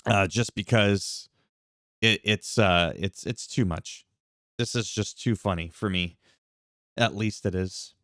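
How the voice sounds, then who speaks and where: A man casually commentating a wrestling video game, reacting loudly, laughing often and swearing freely. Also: lowish voice, slow pace, no echo, clean studio sound. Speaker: gameplay commentator.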